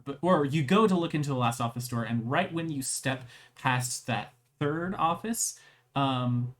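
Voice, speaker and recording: Self-correcting game master. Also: medium pitch. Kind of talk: narrating a tabletop game.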